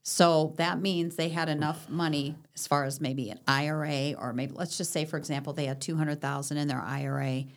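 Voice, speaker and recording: A woman with a low-pitched voice talks as a guest on a senior services show. She explains patiently, giving examples and affirming often. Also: fairly even intonation, a little fast, few pauses. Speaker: guest from senior living community. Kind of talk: casual interview chat.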